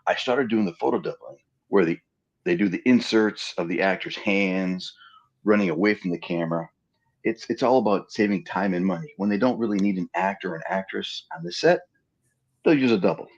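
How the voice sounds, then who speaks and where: A gravelly-voiced man, an interview guest who works as a film stand-in and double, tells casual anecdotes from movie sets over a remote live-stream call. His voice sits low and moves briskly, with the highs cut off, and he's an animated storyteller who acts out the dialogue he quotes.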